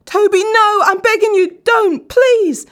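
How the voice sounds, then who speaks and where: A woman voicing a terrified young man who pleads for his life in a high, desperate voice. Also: fairly even intonation, measured pace, fairly bright tone. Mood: screaming. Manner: high, pleading, near-screaming.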